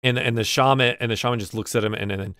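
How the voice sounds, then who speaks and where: A man narrating as game master of a tabletop game, speaking haltingly with frequent restarts. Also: medium pitch, steady tone, a bit bright, no echo, clean studio sound.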